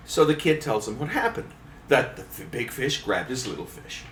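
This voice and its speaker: A man, a fishing magazine editor, telling a comic fishing story in a lively, playful way at a trade show. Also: mid-range voice, moderate pace, roomy sound, a little hiss or hum. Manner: lively, comic yarn-spinner who acts out quotes. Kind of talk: animated storytelling.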